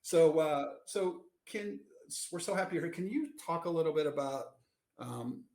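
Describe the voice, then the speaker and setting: A man's voice: fairly high pitch, animated, moderate pace, a little mellow. A man hosting a casual video-call interview, easily moved and often laughing and teasing. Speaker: host and interviewer. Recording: roomy echo.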